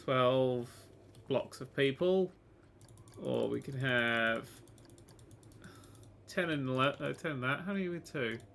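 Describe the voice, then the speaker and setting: A man giving casual let's-play commentary, excitable and sweary, swinging from quiet mutters to loud exclamations. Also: mid-range voice, slow, creaky, long pauses, slight background noise. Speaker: gaming YouTuber.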